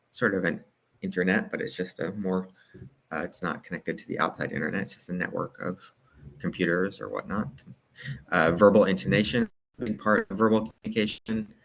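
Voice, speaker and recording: A man's voice: deep voice, vocal fry, a bit bright, muffled recording. A man lecturing over slides in a casual way, asking rhetorical questions and often adding "right?" to check in.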